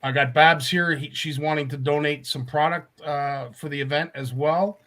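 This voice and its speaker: A man's voice: on the high side, steady tone, normal speed, sharp tone. A man hosting a live online fishing show, reading viewer comments and moving the talk along. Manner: brief encouraging interjections, reads viewer comments. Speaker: host.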